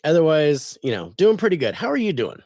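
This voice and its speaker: A man's voice: on the high side, huge pitch swings, brisk, a little mellow, no echo, studio quality. A man hosting a movie review podcast, chatting casually with many fillers while getting over a cold. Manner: laid-back, rambling with many fillers. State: recovering from a cold. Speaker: podcast host.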